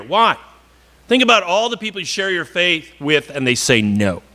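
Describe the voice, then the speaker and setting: A man's voice: sits high, very animated, normal speed, bright, forceful tone. A man from northern Wisconsin preaching a sermon in an earnest, conversational way, often repeating words and slipping in joking asides.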